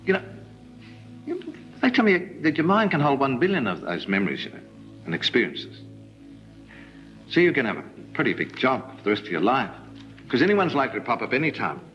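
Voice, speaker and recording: A man preaching a sermon, animated, with ironic asides and emphatic rises. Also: mid-range voice, fairly quick, long pauses, lo-fi sound, faint music behind. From Australia.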